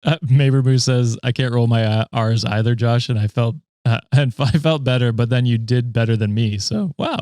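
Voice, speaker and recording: A man's voice: mid-range voice, normal speed, few pauses, mellow, dry recording, clean studio sound. A man co-hosting a casual live stream, laughing often as he reads chat messages and donations aloud. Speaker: podcast co-host reading donations.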